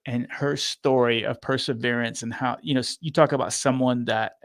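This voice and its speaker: Gravelly man, halting casual chat. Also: mid-range voice, fairly even intonation, dry recording, clean studio sound. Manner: halting, with many restarts and fillers. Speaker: podcast guest and interviewer.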